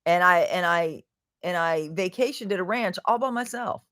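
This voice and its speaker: A woman's voice: lowish voice, normal speed, a bit bright, no echo, clean studio sound. A woman hosting a casual livestream, chatting in a rambling way and answering viewer comments. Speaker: livestream host.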